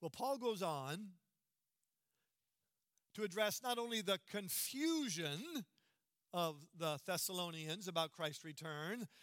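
A man preaching a sermon in an earnest, emphatic way, slowing down and dropping to a hush on key words. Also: high voice, animated, dry recording, studio quality.

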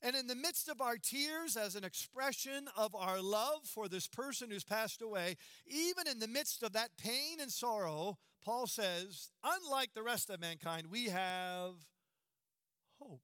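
A man delivering a sermon with a high, bright voice. He speaks earnestly and emphatically, slowing and sinking to a hush on the words that matter most. The sound is dry and close. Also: animated, clear, resonant tone, dry recording. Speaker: preacher.

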